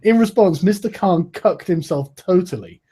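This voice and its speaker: A man's voice: high-pitched, expressive, normal speed, dark tone, husky. A man in casual, profane podcast chat, laughing often and mocking with sarcastic put-on quotes.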